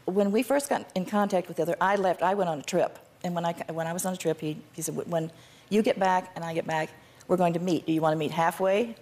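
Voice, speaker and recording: A woman's voice: fairly low pitch, steady tone, quick pace, darkish tone. An older woman, a guest on a talk show, answering in a plainspoken, firm way. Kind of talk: candid interview answers.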